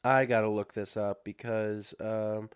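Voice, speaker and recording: A man hosts a casual solo podcast in a lowish, clear, resonant voice, with flat delivery and a slightly slow pace. He rambles, corrects himself, uses plenty of fillers and swears now and then. The sound is clean studio quality with no room sound, recorded on dusty podcast microphones.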